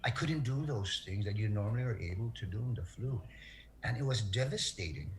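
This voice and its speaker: This interview guest, a middle-aged man, has a lowish, animated voice. His personal story comes out earnest and halting, with emotion breaking through his voice, and a little hiss or hum sits in the recording.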